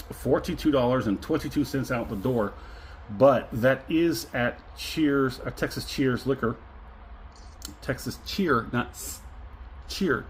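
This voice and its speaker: A man's voice: mid-range voice, a little hiss or hum, poor audio. Effusive man savoring a whiskey tasting. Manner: effusive, savoring, humming and chuckling. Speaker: whiskey reviewer. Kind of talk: casual tasting review.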